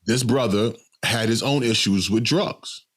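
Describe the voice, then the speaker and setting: A man's voice: medium pitch, measured pace, a bit bright. A man telling a long story on a podcast, rambling with many ums and restarts. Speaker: podcast co-host, comedian. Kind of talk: casual storytelling chat.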